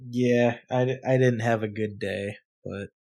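A young man co-hosting a casual podcast, telling a story and acting out both sides with sudden loud outbursts and lots of swearing. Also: mid-range voice, steady tone, unhurried, vocal fry. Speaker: podcast co-host. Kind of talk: casual chat.

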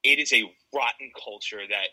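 A man's voice: mid-range voice, normal speed, pushed and bright, low-quality recording. A man contributing to a sports podcast, talking in an exasperated, stammering way with dramatic storytelling. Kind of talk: casual sports podcast chat.

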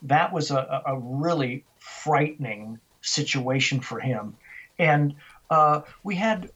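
An older man, a guest on an interview show, telling a ghost story in a lively way and acting out the voices of the people in it. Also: a little high, slow pace, husky, highs cut off.

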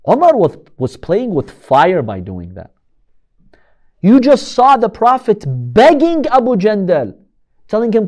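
A man's voice: high voice, wildly swooping pitch, unhurried, a little mellow. A man giving a religious history lecture, telling the story dramatically and asking rhetorical questions.

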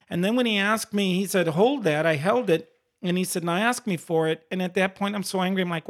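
Man, a bit high-voiced, earnest testimony guest who acts out his dialogues with God. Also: a little fast. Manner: animated storyteller who acts out his prayers and God's replies. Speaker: guest sharing a faith testimony.

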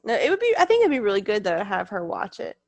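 Gravelly-voiced woman, laughing co-host. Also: mid-range voice, huge pitch swings, fast, dry recording. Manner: laughing, chiming in with short reactions. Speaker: podcast co-host. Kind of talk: casual chat.

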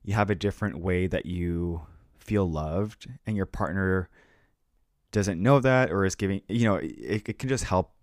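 A man's voice: low voice, unhurried, no room sound, clean studio sound. A man co-hosting a casual podcast, chatting in a playful, rambling, jokey way. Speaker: podcast co-host.

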